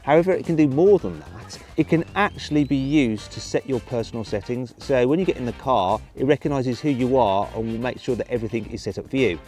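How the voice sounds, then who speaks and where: A British man presenting a car review from in and around the car, upbeat and playful. His voice sits at an ordinary middle pitch, with faint music under it. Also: a little fast, hardly any pauses, a little mellow. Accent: British English. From English Midlands.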